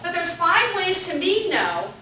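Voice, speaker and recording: A woman's voice: extremely high pitch, big pitch swings, measured pace, pushed and bright, slight background noise. A woman teaching a parenting class, upbeat and questioning the group and echoing back their answers. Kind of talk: interactive classroom lecture. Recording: echoey room from a distant mic.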